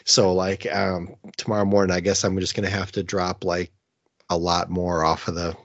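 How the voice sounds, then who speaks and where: Low-voiced laughing co-host man. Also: flat delivery, moderate pace, no room sound, dull audio. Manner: self-deprecating, laughing, stammering restarts. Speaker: podcast co-host. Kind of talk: casual podcast chat.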